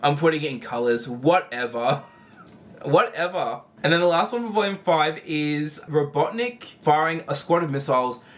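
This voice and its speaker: Rambling man with a slightly high voice. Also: animated, a little fast. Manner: rambling, filler-heavy, swears casually. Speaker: video creator ranking animations. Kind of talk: casual commentary.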